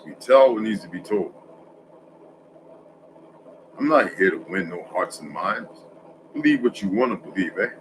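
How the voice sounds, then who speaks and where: A man vlogging in a casual, rambling monologue, correcting himself often and swinging between loud stretches and hushed asides. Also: on the low side, a little hiss or hum, poor audio.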